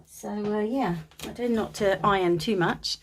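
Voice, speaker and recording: A woman's voice: mid-range voice, unhurried, slight background noise. A woman from England giving a chatty, gushing show-and-tell of vintage linens from a dim room at home. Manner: gushing and chatty, with many ums. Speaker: crafter showing vintage linens. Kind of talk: casual show-and-tell vlog.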